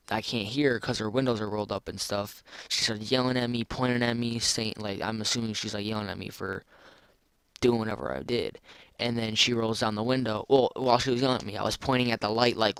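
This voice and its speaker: A man's voice: on the low side, a bit bright, clean tone, no room sound. A teenage boy telling a personal story in a rambling, casual way, full of restarts. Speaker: vlogger.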